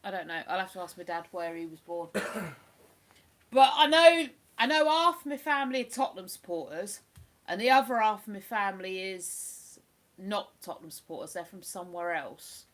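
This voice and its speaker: A woman from England hosting a casual livestream chat, rambling and cooing softly to her dog between remarks. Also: mid-range voice, lively intonation, normal speed. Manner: chatty, drops to soft cooing baby talk with her dog. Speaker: livestream host.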